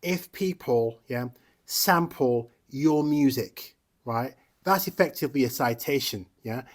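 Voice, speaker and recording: A man's voice: medium pitch, animated, measured pace. A man hosting a commentary video. He reads an article aloud, adds casual asides with tags like "right?" and "yeah?", and speaks with passion and indignation, repeating phrases for emphasis. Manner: conversational, checks in with listener tags. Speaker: commentary channel host.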